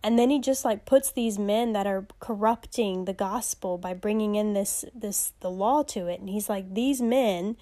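A woman hosting a podcast, teaching from scripture in a casual, animated way, reading passages aloud and laughing often. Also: medium pitch, moderate pace, hardly any pauses.

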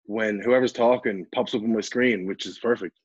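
A man's voice: fairly low pitch, steady tone, moderate pace, breathy edge, dull audio. A man in his twenties with an Irish accent, a guest talking in a laid-back, casual way with some swearing, heard over a video call. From Ireland. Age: 20s.

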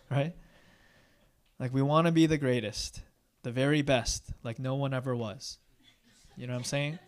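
A young man delivers a relaxed, conversational sermon in a slightly raised voice. He talks candidly and pokes fun at himself. He keeps checking in with his listeners with a quick "right?" as he goes. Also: a little high. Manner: candid and self-deprecating, many fillers and rhetorical "right?". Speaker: pastor.

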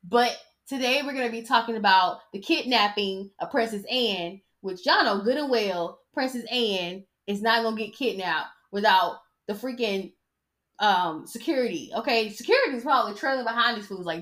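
A woman's voice: fairly high pitch, normal speed, a bit bright. A woman hosting a podcast in a casual, sassy style, chatting and mocking as she reads an article aloud. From United States. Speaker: podcast host.

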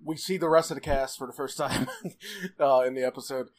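A man's voice: mid-range voice, brisk. A man co-hosting a casual podcast, swearing freely, laughing often and acting out characters' lines as he recaps a show.

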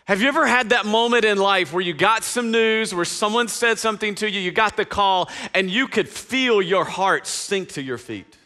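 High bright-voiced pastor, chatty preaching. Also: male voice, lively intonation, moderate pace, few pauses. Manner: casual slangy preaching, conversational asides to congregation. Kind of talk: sermon.

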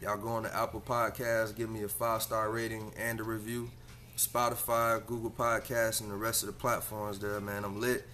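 A man's voice: lowish voice, flat delivery, moderate pace, sharp tone, slight background noise. A man hosting his own podcast in a casual solo monologue, talking in a laid-back, slang-heavy way and pressing his advice with emphasis. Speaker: podcast host.

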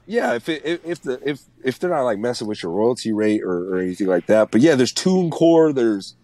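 A man's voice: medium pitch, lively intonation, brisk, dark tone, no room sound. A man in his thirties, a music producer guest, giving blunt and profane advice in casual podcast chat.

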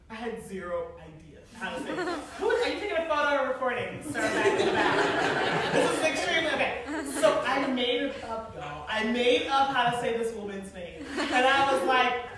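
A woman in her forties telling stories to a live audience, animated and chatty, often laughing. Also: fairly high pitch, moderate pace, few pauses, a crowd in the background. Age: 40s. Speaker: event planner and speaker. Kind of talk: storytelling talk to a live audience. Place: large room with an audience. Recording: echoey room, mic from far off.

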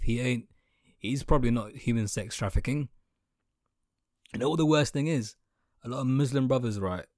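A man's voice: on the low side, a little mellow, no echo, clean studio sound. A young man, ranting sarcastically on his podcast from his room, swearing freely and trailing off into mumbled asides. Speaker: podcast host. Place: home room.

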